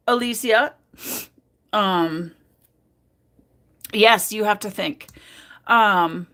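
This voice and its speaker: This is a woman chatting on a nail art livestream in an unhurried, drawn-out way. She is affectionate and loose with her viewers, and her talk is dotted with fillers while she works. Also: medium pitch, a bit bright. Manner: chatty and affectionate, talks to chat, many fillers. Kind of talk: casual live-stream chat while doing nails.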